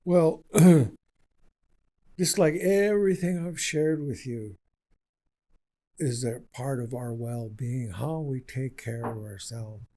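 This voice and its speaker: An older man, an Indigenous elder, telling stories in a slow, repetitive, earnest way during a conversation. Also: mid-range voice, dark tone, low-quality recording. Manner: unhurried and repetitive, speaking with conviction.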